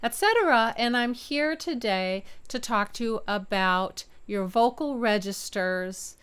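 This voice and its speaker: Smooth-voiced woman voice teacher. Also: fairly high pitch, animated, measured pace, a bit bright. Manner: upbeat, demonstrates chest and head voice by singing. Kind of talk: video voice lesson. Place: home studio with keyboard.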